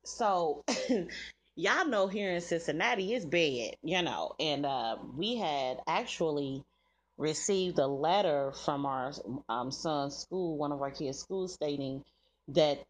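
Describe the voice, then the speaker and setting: A woman in her thirties talking casually to her viewers, chatty and quick to laugh. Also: deep voice, animated. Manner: chatty, addresses viewers as "y'all", laughs through her words. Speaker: vlogger.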